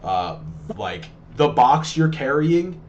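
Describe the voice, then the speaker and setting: A man narrating as game master of a tabletop game, talking in a halting way with many restarts. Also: medium pitch, very animated, darkish tone, lo-fi sound.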